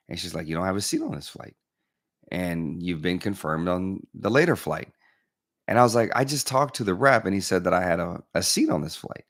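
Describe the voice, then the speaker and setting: A man, a keynote speaker, telling a personal story with lively acted-out dialogue. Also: low-pitched. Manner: animated storyteller, acts out dialogue. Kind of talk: storytelling talk.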